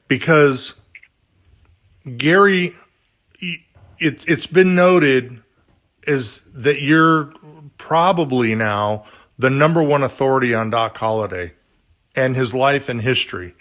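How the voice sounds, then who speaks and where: A man's voice: mid-range voice, takes it slowly, pauses often, pushed and bright. A man hosting an interview, chatty and rambling as he introduces his guest. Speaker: interview host. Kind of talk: casual interview chat.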